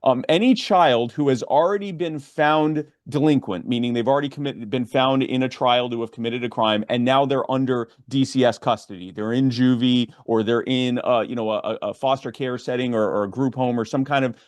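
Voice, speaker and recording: A man's voice: medium pitch, fairly even intonation, brisk, hardly any pauses, clean tone, no echo. Earnest man explaining a bill. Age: 40s or older. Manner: earnest, many restarts and fillers. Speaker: advocacy group guest. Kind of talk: interview, explaining legislation.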